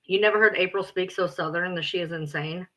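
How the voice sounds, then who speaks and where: Woman ranting on a livestream, lowish voice with a sharp edge, swears a lot. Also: a little fast. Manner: blunt, exasperated and profane. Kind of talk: casual livestream chat.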